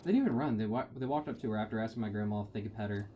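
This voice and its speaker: A man's voice: on the low side, steady tone, very fast, lo-fi sound, slight background noise. A man giving rambling, self-deprecating commentary while playing a video game. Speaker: gamer. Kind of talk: let's play commentary. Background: faint game music.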